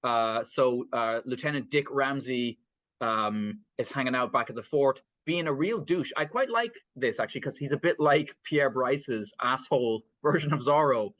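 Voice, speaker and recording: A man's voice: mid-range voice, normal speed, fairly bright tone, no room sound. Rambling man with a dry close sound. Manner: rambling, many fillers and self-corrections, laughs often. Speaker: podcast co-host. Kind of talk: casual film discussion podcast.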